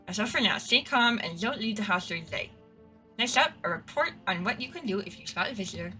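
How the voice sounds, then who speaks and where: A woman's voice: medium pitch, animated, quick pace, bright, forceful tone, faint music behind, rough recording. A woman playing a TV news anchor reading emergency bulletins in a formal broadcast delivery. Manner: formal broadcast delivery, stumbles over words.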